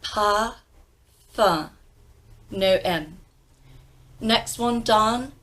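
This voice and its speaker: A woman with a received pronunciation English accent giving a pronunciation lesson, precise and deliberate, stressing single sounds. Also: mid-range voice, rough recording. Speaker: pronunciation teacher.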